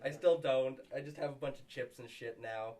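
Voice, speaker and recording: A man's voice: mid-range voice, moderate pace, crowd noise. A man in a casual chat with friends, telling an offhand story. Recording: distant from the mic.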